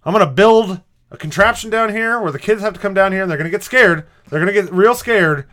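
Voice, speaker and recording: A man's voice: high voice, fast talker, fairly bright tone, voice pushed up. A man voicing an eager, folksy suburban dad who is hatching a basement scare contraption. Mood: gleeful scheming.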